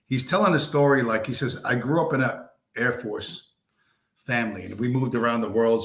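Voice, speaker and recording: Male stream host, mid-pitched, loose and profane storytelling, recorded in an echoey room. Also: fairly bright tone. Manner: rambling, profane storytelling with many fillers. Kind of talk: casual live-stream monologue. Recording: roomy echo.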